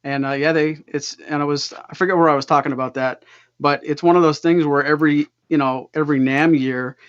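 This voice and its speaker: A man co-hosting a relaxed livestream and answering in brief, agreeable remarks. His voice sits a touch high, and the recording sounds a little dull and muffled. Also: brisk, clean tone. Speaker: co-host. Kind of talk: casual livestream chat.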